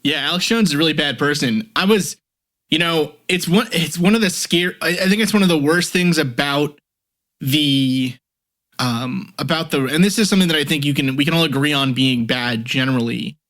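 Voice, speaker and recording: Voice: mid-range voice, normal speed, a bit bright. A podcast host in casual chat, rambling, with many restarts and fillers.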